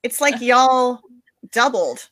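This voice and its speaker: A woman's voice: on the high side, lively intonation, slow pace, fairly bright tone. An Australian woman who is a guest author, chatting casually on a video call and reading from her book. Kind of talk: casual chat and reading aloud.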